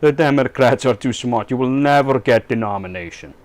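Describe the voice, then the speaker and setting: A man's voice: mid-range voice, brisk, dry recording, close to an everyday voice. A man voicing a scheming middle-aged male Russian leader in a put-on Russian accent, speaking broken English with dropped articles.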